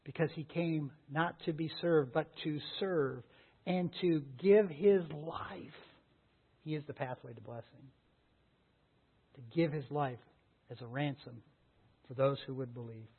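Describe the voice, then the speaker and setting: A man's voice: on the high side, a little slow, pauses often, husky. A man preaching a sermon as a pastor, earnest and full of rhetorical questions. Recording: tinny phone-like sound.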